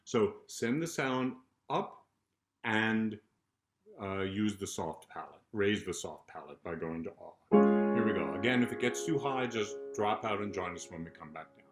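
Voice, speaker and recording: An older man, a choral conductor, calmly explaining a vocal warm-up to singers. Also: on the low side, measured pace. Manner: calm explanatory coaching, breaks into sung demonstrations. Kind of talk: vocal warm-up instruction with demonstrations. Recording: roomy sound with loud piano accompaniment.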